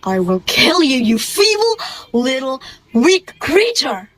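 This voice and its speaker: A woman voicing an angry male lion king in a storytelling contest, roaring threats with a lowered voice. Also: sing-song, slow, a bit bright, dry recording, heavily acted. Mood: enraged. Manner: growling threats.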